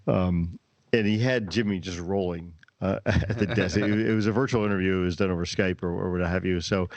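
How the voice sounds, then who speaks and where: A man with a very low voice hosts a fan podcast, rambling through his points with lots of halting restarts. His voice is recorded close and dry. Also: steady tone, gravelly, a little mellow, dry recording, highs cut off. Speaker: podcast host. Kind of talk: casual chat.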